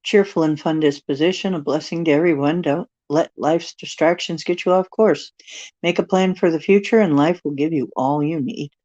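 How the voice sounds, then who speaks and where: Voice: medium pitch, moderate pace, a little mellow. An older tarot reader on a livestream, reading card texts with rambling, joking asides. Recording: dry, dull lo-fi stream audio.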